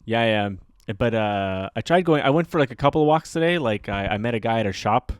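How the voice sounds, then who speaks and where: A man's voice: medium pitch, lively intonation, fairly quick, clean tone, no echo, clean studio sound. A man from Canada co-hosting a podcast, telling stories in a rambling, hesitant way full of fillers. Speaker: podcast co-host. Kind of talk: casual chat.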